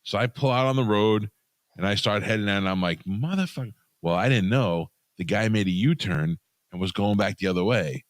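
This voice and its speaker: A man with a low, deep voice tells a story in loose, profane chat. He speaks into a close mic in a dead-dry room, and his delivery stays animated and blunt. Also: fairly quick, dry recording. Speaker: podcast co-host.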